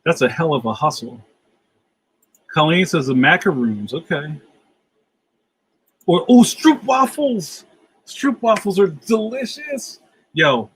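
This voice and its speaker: A man's voice: fairly high pitch, a bit bright, slightly rough, rough recording. A middle-aged man hosting a casual livestream, reading out chat comments, laughing easily, and saying "yo" a lot. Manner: laughs often, says "yo".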